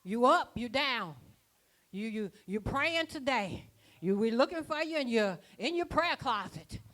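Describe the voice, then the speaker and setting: Woman apostle, sermon, slightly high voice, folksy rhythmic delivery. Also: big pitch swings, a little slow, a bit bright. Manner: folksy, rhythmic preaching, dialect grammar. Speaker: apostle preaching. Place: church conference.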